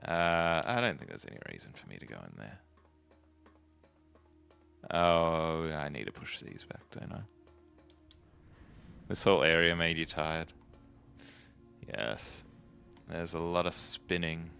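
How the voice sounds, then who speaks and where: Low-voiced guy narrating his puzzle game, chatty, thinking out loud, bright crisp sound. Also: lively intonation, slow pace, long pauses, soft background music. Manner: chatty, musing aloud to himself. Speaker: let's play host. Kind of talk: casual gameplay commentary.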